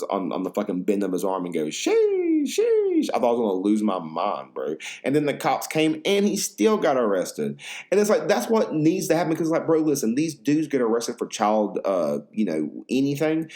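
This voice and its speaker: A man's voice: lowish voice, a little mellow. A young man hosting a podcast, telling a story in a rambling, profane casual chat full of fillers. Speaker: podcast host.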